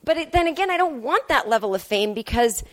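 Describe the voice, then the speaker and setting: This solo podcast host, a woman comedian, tells a rambling yarn with a sarcastic, self-mocking edge. Her high voice swings widely in pitch, moving briskly with a fairly bright tone, captured on a podcast mic.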